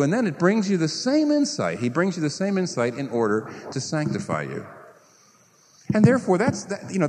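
A man preaching a sermon, firing off rhetorical questions and acting out the voices people use in their heads. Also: a little high. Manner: animated, rhetorical questions, acts out inner voices. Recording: long reverb of a large hall.

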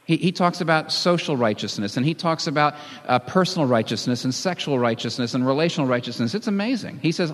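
A man preaching a sermon in a dramatic, animated way, with bursts of emphasis. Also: mid-range voice, quick pace, hardly any pauses. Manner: lively, dramatic, reads scripture with emphasis and chuckles. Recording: long hall reverb.

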